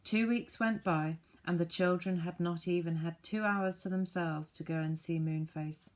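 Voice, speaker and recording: A woman reading a children's storybook aloud, gently voicing the characters. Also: on the low side, steady tone, moderate pace. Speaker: audiobook reader.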